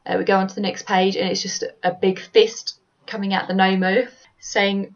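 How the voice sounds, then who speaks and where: A woman's voice: medium pitch, flat delivery, moderate pace, hardly any pauses, dull audio. A woman co-hosting a podcast, casually recapping a manga chapter panel by panel and reading character lines aloud, sometimes stumbling over words. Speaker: podcast co-host.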